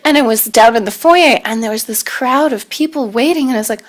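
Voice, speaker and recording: A woman's voice: on the high side, a little fast, hardly any pauses. A woman filmmaker telling playful anecdotes as an interview guest. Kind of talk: casual interview chat, anecdotes.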